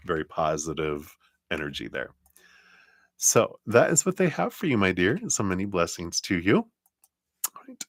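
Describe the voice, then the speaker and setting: Deep-voiced chatty man reading tarot. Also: no echo. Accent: slight Southern drawl. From Colorado, USA. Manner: chatty, rambling, with soft laughs and brief muttering asides. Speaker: tarot reader. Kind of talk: live-stream tarot reading.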